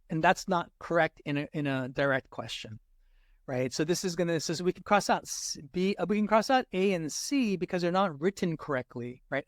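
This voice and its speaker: High-pitched guy walking thru test prep questions, keeps saying right?, dry close mic. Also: no echo. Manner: says "right?" often, restarts mid-word. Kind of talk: walkthrough lesson.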